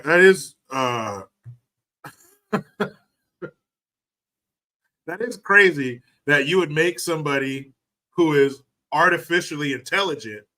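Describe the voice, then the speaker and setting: A man with a bright, slightly higher voice hosts a casual livestream. He rants in a mocking, sarcastic way, swears freely, and stops to thank viewers for their donations. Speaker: livestream host reading donations.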